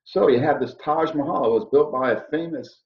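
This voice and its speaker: A man's voice: on the high side, fairly quick, vocal fry. A man teaching a history lesson, leading a map walkthrough with a joking manner. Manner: jokey, leads a map walkthrough. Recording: echoey room, dull lo-fi sound.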